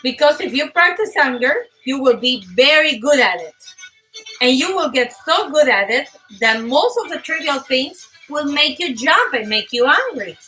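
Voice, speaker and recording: Bright high-voiced animated woman host. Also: normal speed, distant mic, faint music behind, low-quality recording. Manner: animated, emphatic, laughs often. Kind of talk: live motivational talk show.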